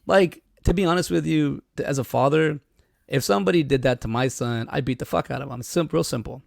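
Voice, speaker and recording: Man in his thirties, podcast co-host, rapid talker, gravelly voice, dry sound. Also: mid-range voice, no echo. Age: 30s. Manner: fast, swearing, storytelling. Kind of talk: casual chat.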